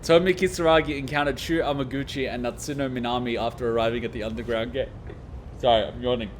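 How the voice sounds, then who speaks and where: A man hosting a casual game reaction video, excitable, swearing freely and laughing often. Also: mid-range voice, quick pace, slight background noise. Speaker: let's play host.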